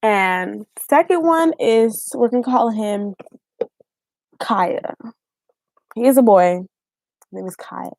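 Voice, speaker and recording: Young woman from Haiti, YouTube vlogger, slow chatty delivery, dry close recording. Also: medium pitch, creaky, a little mellow, dry recording. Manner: slow, chatty storytelling with fillers and laughs. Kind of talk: casual live-stream chat.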